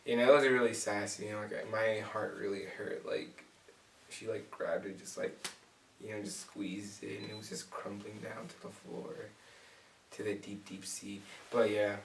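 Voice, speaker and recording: A young man co-hosting a couple's channel, telling their story in a joking, mock-dramatic way, often trailing off softly. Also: fairly low pitch, level tone, normal speed, slight background noise. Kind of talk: casual storytelling chat. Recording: echoey room, far from mic.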